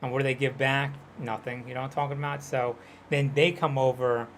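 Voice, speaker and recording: A man's voice: medium pitch, flat delivery, fairly quick, a little hiss or hum. A man from Hawaii chatting loosely while streaming a game, rambling and full of fillers. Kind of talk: casual chat while gaming.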